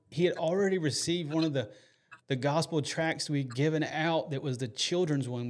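A man hosting a faith podcast, telling a story earnestly and emotionally, with many fillers and restarts. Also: on the high side. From United States. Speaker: podcast host.

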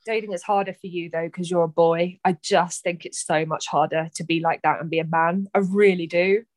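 A woman's voice: on the low side, steady tone, a little fast, no room sound. A young woman, a poet, talking candidly and animatedly in a podcast conversation, often acting out quoted voices.

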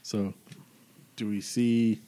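A man's voice: on the low side, little pitch movement, extremely slow, dark tone, no room sound. A man playing a tabletop game, chatting casually and cracking jokes. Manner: joking, quippy. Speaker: player. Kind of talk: casual chat.

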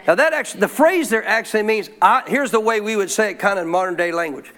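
High-voiced preaching man. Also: fast talker, fairly bright tone. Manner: preaching with call-and-response, quoting scripture. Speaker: pastor. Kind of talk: sermon.

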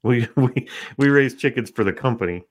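Wisecracking male co-host from South Dakota, mid-pitched voice, relaxed banter. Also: normal speed. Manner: dry wisecracking quips. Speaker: podcast co-host. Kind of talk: casual chat.

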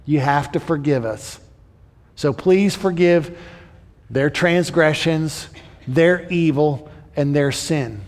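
A man preaching a sermon in an animated way, acting out the people in the story as he paraphrases them. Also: fairly high pitch, takes it slowly, in a large hall. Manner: animated, voices the brothers and Joseph in paraphrase.

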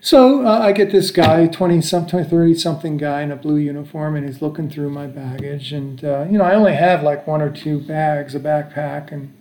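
A man's voice: a little high, normal speed, hardly any pauses, a little mellow, slight background noise. An American man in his sixties casually telling a long travel story, rambling along with restarts and chuckles. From United States. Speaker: father telling travel stories. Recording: echoey room.

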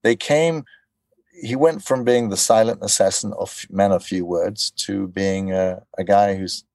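A man with a lowish voice chats as a guest, telling stories with animation and slipping into quoted lines. The sound is dry and close, with no room behind him. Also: unhurried, vocal fry, no room sound. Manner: animated storyteller, acts out quotes. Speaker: voice actor guest. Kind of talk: casual interview chat.

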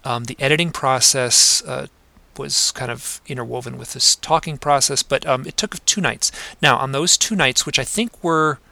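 A man guesting on a podcast, telling personal stories in an earnest, reflective way, pausing often with fillers. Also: mid-range voice, gravelly, pushed and bright, dry recording. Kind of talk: conversational storytelling. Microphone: home desk microphone.

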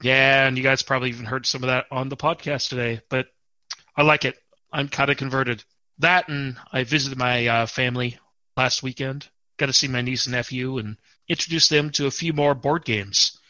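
A man with a bright, forward voice hosts a podcast and chats casually. He is quick to poke fun at himself, and his close mic gives a dry sound with no room echo. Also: medium pitch, fairly even intonation. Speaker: podcast host.

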